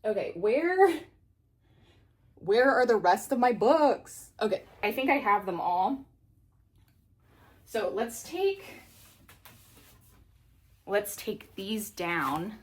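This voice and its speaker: This thirties-aged book vlogger chats to camera at home as she reorganizes her shelves, out of breath and giggly, with plenty of fillers. Her mid-range voice is sing-song and slow, and she pauses often.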